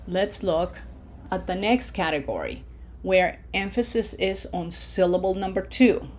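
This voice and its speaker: A woman teaching a recorded Spanish lesson. She explains the rules patiently, step by step, checks in with "okay?" and says the example words slowly and loudly. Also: lowish voice, sing-song, slight background noise.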